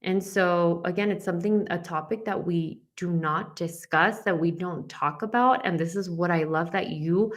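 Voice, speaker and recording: A woman's voice: on the low side, normal speed, few pauses. A woman life coach appearing as a guest, speaking in an affirming, encouraging way. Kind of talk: casual conversation.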